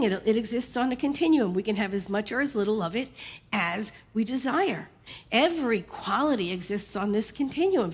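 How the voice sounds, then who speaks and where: A woman minister with a fairly high voice, preaching a sermon. Her manner is conversational and humorous, and she keeps checking in with the congregation with a quick "right?". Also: slightly rough.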